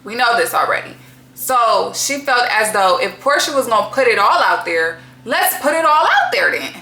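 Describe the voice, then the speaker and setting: A woman's voice: a little high, sing-song, moderate pace, bright, forceful tone, reverberant. A woman hosting a casual reality-TV recap, talking bluntly with lots of profanity and strong opinions. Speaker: TV recap host.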